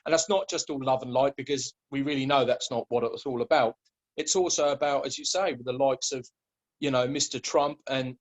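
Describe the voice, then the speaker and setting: A man's voice: medium pitch, rough recording. A man in casual conversation as a guest, rambling, with many restarts and repeated words.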